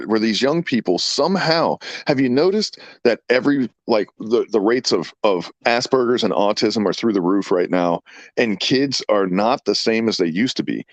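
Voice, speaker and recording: A podcast host in his fifties tells rambling, profane stories in casual conversation, animated throughout. His voice is mid-range and free of echo.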